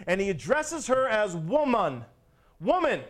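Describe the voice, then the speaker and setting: High-voiced man preaching a sermon. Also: sing-song, unhurried, a bit bright. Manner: emphatic, repetitive, conversational preaching.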